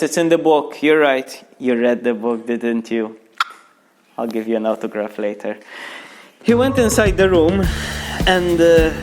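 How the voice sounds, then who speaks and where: A young man reading a crude comic story aloud, breaking off for mocking asides to the listener. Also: mid-range voice. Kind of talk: mock bedtime story reading.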